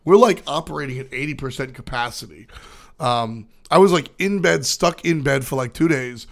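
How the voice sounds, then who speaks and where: Hoarse young man, gravelly voice. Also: mid-range voice, normal speed. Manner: rambling, filler-heavy storytelling. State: hoarse, recovering voice. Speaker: esports caster streaming to chat. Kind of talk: casual chat with live chat.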